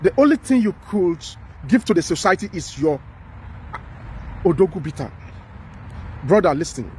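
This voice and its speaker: A man's voice: high-pitched, very animated, moderate pace, a little mellow, slight background noise. A man with a Nigerian accent giving impassioned commentary, emphatic and repetitive, pleading with his listener. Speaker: social commentator.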